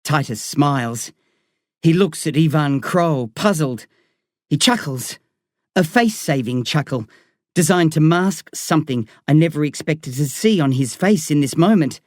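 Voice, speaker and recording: A woman's voice: sits low, lively intonation, unhurried, darkish tone, dry recording, studio quality. A woman narrating a novel in the first person, with an intense, dramatic delivery. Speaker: audiobook narrator.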